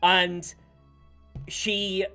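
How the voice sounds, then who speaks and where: A woman narrating as game master in a tabletop game, lively and animated, with many fillers. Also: mid-range voice, very slow, faint music behind.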